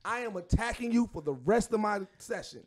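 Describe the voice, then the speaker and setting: A man hosting a podcast, telling a story in relaxed casual chat and steering the talk. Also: high-pitched, fairly quick.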